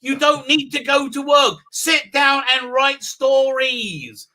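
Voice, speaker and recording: Guy hosting a stream, high bright voice, sarcastic and sweary, keeps shouting. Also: slow pace. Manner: sarcastic, profane, often shouting. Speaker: show host. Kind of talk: mocking live stream commentary.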